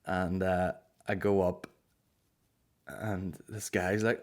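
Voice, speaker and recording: A man's voice: low voice, little pitch movement, slow pace, long pauses. A young man hosting a comedy podcast, telling stories in a sweary, sarcastic way. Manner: sweary, sarcastic, acts out voices. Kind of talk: casual storytelling chat.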